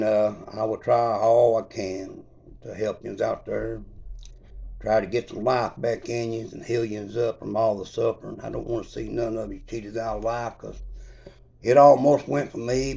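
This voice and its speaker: Gravelly man telling a folksy tale. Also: on the low side, flat delivery, moderate pace, warm tone. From Kentucky. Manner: folksy, repetitive, with constant "I said" and dialect grammar. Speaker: traveler telling his own story. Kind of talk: rambling spoken storytelling.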